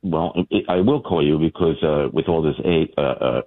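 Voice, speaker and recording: A man's voice: a bass voice, normal speed. A man calling in to a late-night radio show, telling a story animatedly with lots of restarts and asides. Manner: animated storyteller, voices people in his tales. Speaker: radio caller. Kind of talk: phoned-in anecdote. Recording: tinny phone line.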